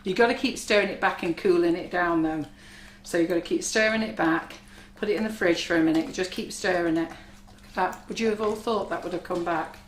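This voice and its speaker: Husky woman, lowish voice, chatty cake tutor in a roomy kitchen. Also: a little fast, hardly any pauses. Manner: chatty, reassuring, talks while working. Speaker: cake decorating instructor. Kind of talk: live baking demonstration. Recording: echoey kitchen with faint noise.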